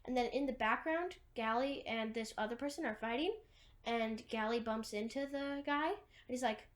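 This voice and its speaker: A woman's voice: on the high side, normal speed. A woman casually retelling a movie's plot, rambling with lots of fillers and restarts. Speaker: movie recapper.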